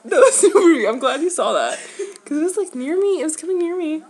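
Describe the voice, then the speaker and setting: A woman's voice: sits high, sing-song, fairly quick, a little mellow. A teenage girl in a casual home video, shrieking and laughing in panic. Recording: noisy home camera recording.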